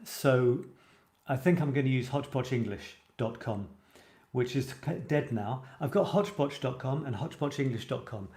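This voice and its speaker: Guy chatting away on a writing livestream, mid pitch, kinda echoey room. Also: normal speed, a little mellow. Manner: chatty, enthusiastic, reads comments aloud. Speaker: host of a live writing show. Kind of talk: casual live-stream chat. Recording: roomy echoey sound.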